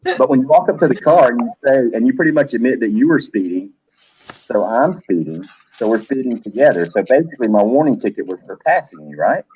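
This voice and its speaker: Middle-aged guy w a husky voice, laid back, talking to his stream, swears a bit. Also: mid-range voice, lively intonation, brisk, a little mellow, poor audio. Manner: chatty, profane, greets viewers by name. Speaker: livestream host. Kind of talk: casual livestream chat.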